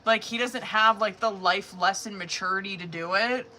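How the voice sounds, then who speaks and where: A woman's voice: medium pitch, normal speed, pushed and bright, a little hiss or hum. Chatty, profane woman reading tarot live. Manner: chatty and profane, laughing often. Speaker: tarot reader.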